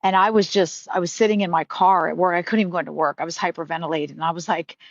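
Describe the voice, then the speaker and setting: A woman's voice: on the low side, fairly even intonation, very fast, dry recording, highs cut off. A middle-aged woman hosting a live stream, talking candidly in a rambling way, with frequent swearing and restarts. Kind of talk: casual live-stream chat.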